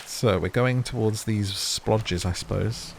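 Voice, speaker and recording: A gaming channel host chats to his viewers while playing, casually commenting and reacting with sudden startled outbursts. His voice is lowish and gravelly, slow-paced, with background noise and loud game sounds behind him.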